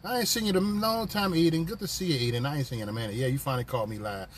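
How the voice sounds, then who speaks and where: A man's voice: on the high side, very fast, slight background noise. Rambling, profane man live-streaming. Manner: loose, rambling, profane banter with frequent laughs. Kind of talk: casual live-stream chat to viewers. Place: on a work break, vehicle sounds nearby.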